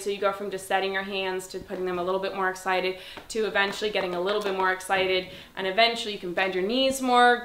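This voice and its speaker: A woman dog trainer giving a calm, step-by-step demonstration and praising the dog. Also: medium pitch. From Southern California. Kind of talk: instructional demonstration. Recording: echoey room.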